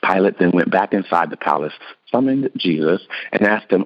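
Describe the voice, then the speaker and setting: Deep voiced guy reading scripture, steady even pace, muffled lo-fi sound. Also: normal speed. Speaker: scripture reader. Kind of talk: scripted narration.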